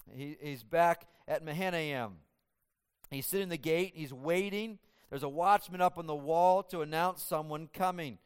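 Animated preacher with a smooth voice. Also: male voice, on the high side. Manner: animated, acts out the dialogue of the text with changing voices. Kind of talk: expository sermon.

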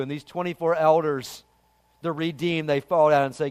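Pastor guy preaching, high clear voice, gets loud then goes real quiet and earnest. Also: moderate pace, big-room sound. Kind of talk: sermon.

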